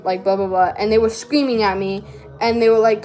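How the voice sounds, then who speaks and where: A woman's voice: on the high side, normal speed, a little mellow, soft background music. A teenage girl telling a rambling, slangy story while crafting, with lots of fillers and laughs. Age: teens. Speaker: vlogger.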